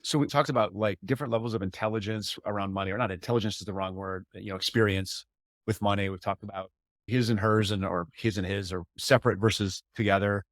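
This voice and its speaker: A man's voice: on the low side, steady tone, fast talker, a bit bright, dry recording, clean studio sound. A man hosting a podcast interview, reflecting aloud and asking his guest questions. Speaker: podcast host.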